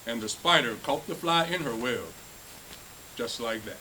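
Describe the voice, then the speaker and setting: A man's voice: medium pitch, expressive, moderate pace, bright, forceful tone, a little hiss or hum, poor audio. A man reading a children's picture book aloud at a school festival, playing up the animal noises.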